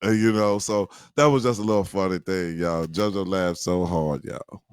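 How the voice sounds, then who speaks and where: A man casually telling a funny personal story to his viewers, animated, addressing them directly and often checking that they follow. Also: low-pitched, moderate pace, clean tone, dry recording. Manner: animated, addresses listeners directly, many fillers.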